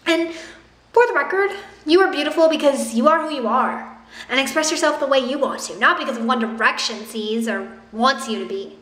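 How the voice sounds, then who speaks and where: A woman's voice: high voice, a little fast, fairly bright tone. A young woman ranting sarcastically and indignantly in a vlog. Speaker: vlogger. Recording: echoey room.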